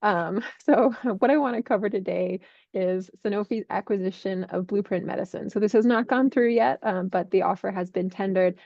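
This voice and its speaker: A woman working as a healthcare investment analyst, clearly and methodically explaining drug industry developments. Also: mid-range voice, moderate pace, darkish tone, no room sound, highs cut off.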